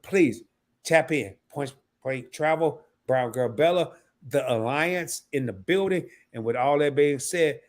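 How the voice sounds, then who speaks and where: A man's voice: on the high side, unhurried. A man hosting a casual live stream, talking loosely, repeating himself and breaking into laughter.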